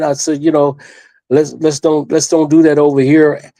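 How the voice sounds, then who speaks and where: A man's voice: fairly high pitch, level tone, moderate pace, warm tone, no echo. An older man, a retired wrestler, tells a long story as a guest in a studio interview. He rambles and stresses his points, restarts often and repeats his phrases.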